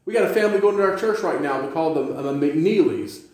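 A male pastor with a Western New York accent delivers a sermon as a string of jokey stories, often stumbling and restarting. His voice sits high for a man. It rings out in a roomy, echoey church. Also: animated, brisk, darkish tone. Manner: jokey storytelling, stammering restarts. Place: church sanctuary.

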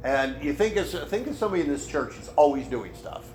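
A man's voice: fairly high pitch, very animated, a little fast, a little mellow. A man teaching the Bible in a folksy, conversational way, answering questions from the people in the room. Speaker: pastor. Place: church room. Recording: echoey room, faint noise.

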